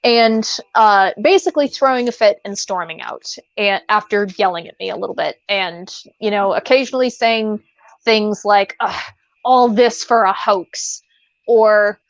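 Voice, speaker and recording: A woman with a medium-pitched voice co-hosts a podcast at a normal speed, chatting casually and rambling with plenty of fillers and restarts. There's no echo, but the sound is dull and lo-fi.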